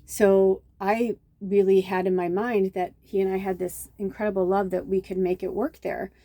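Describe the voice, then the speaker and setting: A middle-aged woman from Chicago tells a long personal story in a casual vlog, wandering off on tangents. Her voice is warm and relaxed. The sound is dry and close, with almost no room echo. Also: medium pitch, moderate pace. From Chicago, USA. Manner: rambling and digressive, with casual swearing; acts out quoted dialogue with lively reactions. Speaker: spiritual medium.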